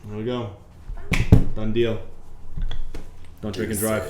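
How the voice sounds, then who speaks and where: A man hosting a podcast, calmly explaining a word game step by step in casual chat. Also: lowish voice, slow, heavy background noise. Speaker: podcast host. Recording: echoey room.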